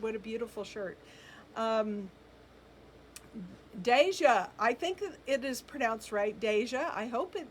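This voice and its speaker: A middle-aged boutique owner hosts a live shopping stream, chatting casually, greeting viewers by name and reading their comments amid frequent ums and laughs. Her voice is on the high side, with slight background noise.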